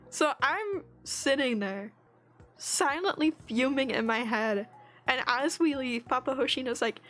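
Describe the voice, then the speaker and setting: A woman's voice: high voice, expressive, takes it slowly, pauses often, fairly bright tone, faint music behind. A woman streamer in casual chat, telling an angry story full of swearing and frequent laughs, on a streaming mic. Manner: laughs often between lines.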